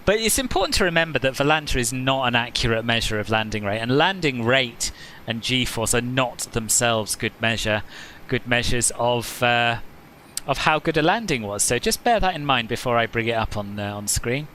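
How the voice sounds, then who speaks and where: A man's voice: mid-range voice, animated, moderate pace, sharp tone, a little hiss or hum. A man hosting a flight simulator live stream, chatting casually, answering viewers' comments and laughing often.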